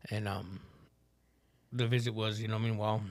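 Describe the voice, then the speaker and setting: Fast-talking gravelly man, street slang. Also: fairly low pitch, flat delivery. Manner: streetwise slang, frequent swearing, rambling asides. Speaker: podcast guest. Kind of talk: personal recovery story in casual talk.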